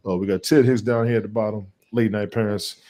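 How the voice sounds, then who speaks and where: Casting: male show host, lower register, relaxed and slangy, talks over an online call. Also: brisk. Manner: laid-back, slangy, repeats words when starting. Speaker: podcast host. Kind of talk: casual sports chat.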